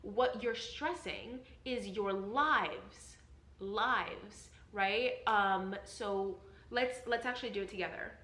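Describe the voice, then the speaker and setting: A woman's voice: medium pitch, unhurried, few pauses, a bit bright. A young woman, an actor, gives an earnest, encouraging lesson on reading Shakespeare, explaining things step by step. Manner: earnest, encouraging, repeats reassurances. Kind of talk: enthusiastic explanatory vlog lesson. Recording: roomy echo.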